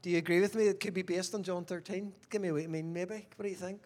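A man preaching a sermon who keeps asking the audience questions and moves between loud emphasis and quiet, reflective stretches. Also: high voice, steady tone, fast.

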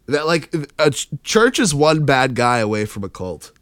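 A man's voice: medium pitch, big pitch swings, moderate pace, fairly bright tone, clear, resonant tone. Man reading listener comments on a podcast. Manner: joking, reads comments aloud. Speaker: podcast co-host.

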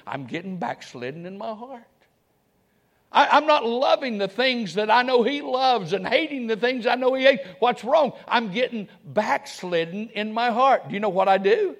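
A man preaching a sermon, swinging between loud calls and hushed, quiet prayer, often repeating his words. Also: sits high. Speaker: pastor.

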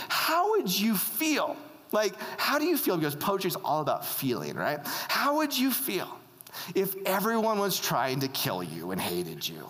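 Preacher, relaxed sermon, animated pitch, long hall reverb. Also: measured pace. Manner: conversational, keeps asking the audience questions. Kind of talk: casual sermon.

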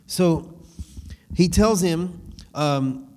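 A man's voice: high-pitched, very slow, darkish tone. A man preaching a sermon in a conversational way, laughing between points and asking the room if they follow. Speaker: pastor.

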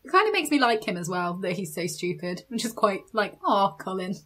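A woman's voice: medium pitch, sing-song, a little fast, bright, forceful tone. A young woman with a British accent in a casual film review chat, speaking frankly and giggling.

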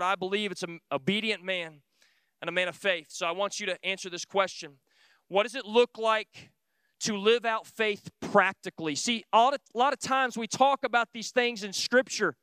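A man preaches with earnest emphasis, firing rhetorical questions at his listeners. His voice sits high for a man and rings bright and smooth. The sound is dry and close. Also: no echo. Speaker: pastor. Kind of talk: sermon to a small group.

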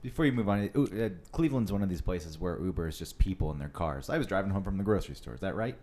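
A man's voice: low-pitched, animated, quick pace, a little mellow. A man in casual chat, making dry, wry remarks.

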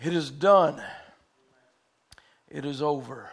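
A man's voice: a little high, takes it slowly, fairly bright tone. A man preaching a sermon in a church, telling a story with fervent conviction.

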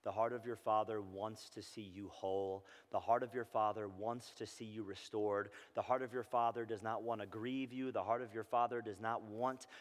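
A pastor preaching a sermon, moving between loud impassioned scripture reading and soft, hushed encouragement. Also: male voice, lowish voice, fairly even intonation, moderate pace, hardly any pauses. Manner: swings from loud impassioned reading to soft near-whispered intimacy. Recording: long hall reverb.

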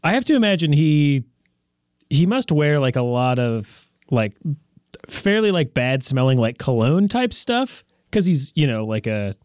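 A man's voice: fairly high pitch, sing-song, unhurried, a little mellow, no room sound, studio quality. A man in casual chat, rambling and joking with many fillers and restarts.

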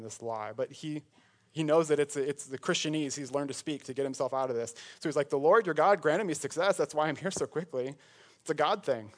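A man preaching a sermon in a conversational way, breaking off into joking asides. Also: mid-range voice. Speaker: pastor.

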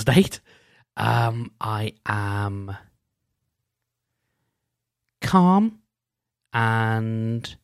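A man hosting a solo podcast, leading a gentle, halting, reflective check-in with frequent restarts. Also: medium pitch, no echo, clean studio sound. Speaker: podcast host.

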